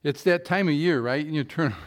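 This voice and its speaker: A man's voice: fairly high pitch, normal speed. A man preaching in a church, telling folksy jokes and reading scripture with rising force. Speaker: pastor. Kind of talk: sermon with jokes.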